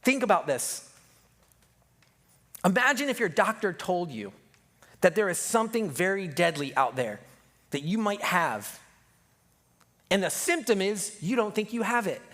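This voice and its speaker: A man's voice: high-pitched, sing-song, measured pace, long pauses, a bit bright. A man preaching a conversational sermon as pastor, joking and acting out quoted voices.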